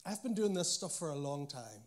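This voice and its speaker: A man's voice: fairly high pitch, very animated, brisk. A man preaching a sermon, telling stories with animation and acting out what people said.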